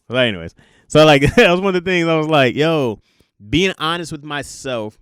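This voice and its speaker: A young man hosting a podcast, talking through a casual confessional monologue in an animated, jokey way and laughing at himself. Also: fairly high pitch, normal speed, smooth, no echo, studio quality. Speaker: podcast host.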